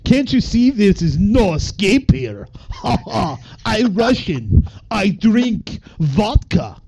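A man's voice: high-pitched, big pitch swings, creaky, slightly rough, pitched above the performer's own voice, heavily acted. A man putting on a hammy Russian-accented reader. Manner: exaggerated, loud, drawn-out delivery. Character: man hamming a Russian accent while reading aloud. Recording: dull lo-fi recording.

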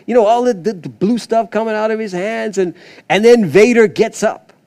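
A man preaching a sermon as pastor, telling a story in an animated, rambling way with many fillers and restarts. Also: high voice, normal speed.

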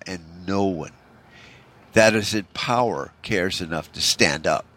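Podcast host, male, low voice, rambling, profane, bitter solo rant. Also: a little slow, bright, forceful tone, no room sound. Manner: rambling, profane, frequent "you know" fillers; discouraged, bitter tone.

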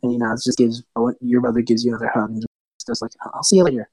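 A man runs a tabletop game as game master, narrating in a loose, easygoing way. His voice is mid-pitched and recorded close and dry. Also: quick pace, creaky, husky, dry recording, rough recording. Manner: relaxed, loose narration with fillers.

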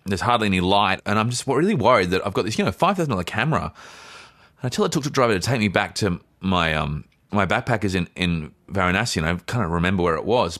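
Co-host, male, fast lively storyteller, voice on the low side, dry close sound. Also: dry recording. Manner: animated, repeats words when excited. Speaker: podcast co-host. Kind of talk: casual storytelling chat.

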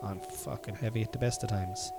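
A middle-aged Irish man hosting a podcast from home while sick, coughing now and then, rambling and swearing, with sudden loud bursts. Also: lowish voice, steady tone, fairly quick, gravelly, over loud music. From Ireland. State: sick with covid, congested and coughing. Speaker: podcast host. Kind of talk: casual solo podcast monologue.

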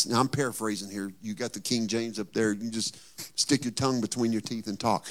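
A male pastor preaching a sermon in a conversational tone, firing rhetorical questions at the congregation and building to loud, emphatic peaks. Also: fairly low pitch, steady tone, fairly quick.

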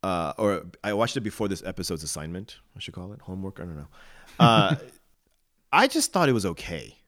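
A man's voice: low-pitched, big pitch swings, a little fast, fairly bright tone. A man co-hosting a podcast in casual chat, opinionated and hesitant, often restarting his sentences. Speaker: podcast co-host.

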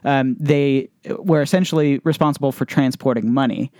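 A young man with a mid-range voice, recorded dry and close in his apartment. He explains fun facts in a halting way, full of ums and restarts. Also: medium pitch, steady tone, a little mellow, no room sound. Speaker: podcast co-host. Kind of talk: casual chat.

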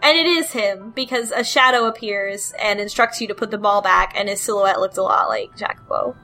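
Recapping a game on a casual podcast, a woman rambles and hesitates, full of ums, laughs and cheeky, irreverent asides. Her mid-range voice is a little fast, pushed and bright, with faint music behind and poor audio.

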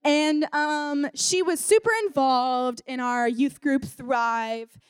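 Young woman, high voice, casual sermon, chatty with fillers, dry sound. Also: steady tone, slow, no echo. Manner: chatty, with many fillers and acted quotes. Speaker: speaker at a church service.

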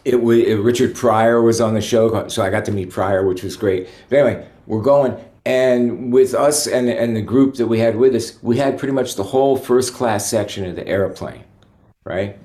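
A man, a guest musician, telling relaxed stories in a rambling way, full of "you know". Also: medium pitch, moderate pace, echoey room. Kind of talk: relaxed anecdotal storytelling.

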